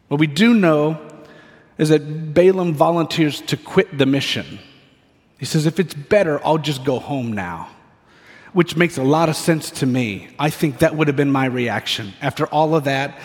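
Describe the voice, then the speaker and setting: A man preaching a sermon, retelling a scripture story with animated, playful asides. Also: fairly high pitch. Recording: echoey hall reverb.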